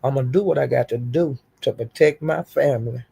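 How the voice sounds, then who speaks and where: A woman's voice: rumbling low, fairly quick, vocal fry, dark tone, breathy edge. An older woman streaming to her channel, ranting in a profane, confrontational, defiant way. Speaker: YouTube streamer. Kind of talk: livestream rant.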